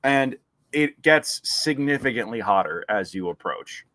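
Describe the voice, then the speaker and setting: Guy running a tabletop game, rambly, lots of uhs, bright voice, dry close sound. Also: medium pitch, expressive, unhurried, no room sound. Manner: rambling, hesitant, many fillers. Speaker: game master.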